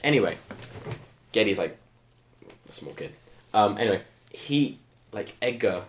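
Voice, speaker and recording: A man's voice: lowish voice, lively intonation, unhurried. A young man telling rambling school stories on a casual podcast, full of "like" fillers and laughter. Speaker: podcast co-host. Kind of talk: casual storytelling chat. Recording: echoey room.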